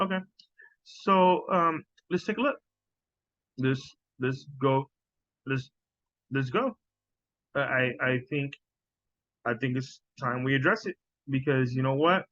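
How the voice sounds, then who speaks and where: A man's voice: mid-range voice, lively intonation, takes it slowly, long pauses, sharp tone, dry recording, lo-fi sound. A man hosting a podcast, reacting to clips in casual commentary, scornful and profane, often repeating himself.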